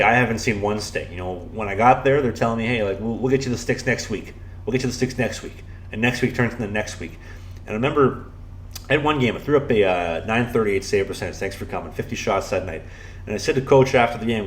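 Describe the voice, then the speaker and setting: A man's voice: lowish voice, lively intonation, fast, a little hiss or hum. A young man, a podcast co-host and pro hockey goalie, telling rambling stories in casual chat, full of "you know" and restarts.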